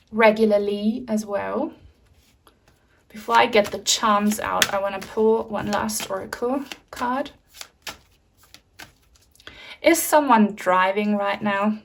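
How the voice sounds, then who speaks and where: A woman's voice: mid-range voice, recorded from a distance, a little hiss or hum. Chatty woman reading tarot, mic set back. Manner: chatty, reassuring, frequent fillers. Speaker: tarot reader. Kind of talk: pick-a-card tarot reading.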